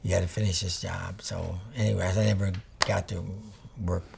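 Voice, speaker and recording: A man's voice: deep voice, level tone, moderate pace, creaky, a little hiss or hum. An older man, a photographer, telling rambling stories in an interview and acting out old conversations. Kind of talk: reminiscing interview.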